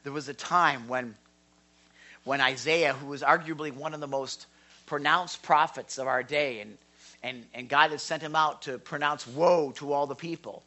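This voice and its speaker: A man teaching a sermon in a church hall, emphatic and given to repeating words, swinging from quiet to loud. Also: fairly high pitch, fairly even intonation, normal speed. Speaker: Bible teacher.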